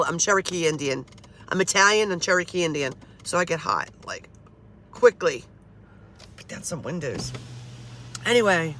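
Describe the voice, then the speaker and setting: Chatty, foul-mouthed woman storyteller with a bright, forceful tone. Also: on the low side, slight background noise. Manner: blunt, swears freely, chatty. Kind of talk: casual storytelling.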